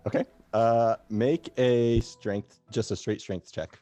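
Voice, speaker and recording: A man running a tabletop game as game master, narrating in a relaxed, hesitant way. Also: medium pitch, slow, soft background music.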